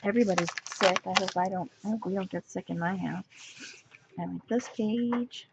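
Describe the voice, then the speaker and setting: A woman's voice: medium pitch, normal speed, creaky. A woman casually showing off her journal pages at home, rambling and thinking aloud as she flips through them, a bit tired and sneezy. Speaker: journaling vlogger. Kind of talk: casual show-and-tell chat. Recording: dull lo-fi sound with steady background noise.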